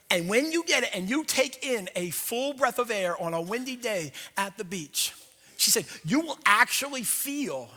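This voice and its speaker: A man preaching a sermon as pastor, conversational and animated, acting out inner voices. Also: high-pitched. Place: church sanctuary. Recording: long hall reverb.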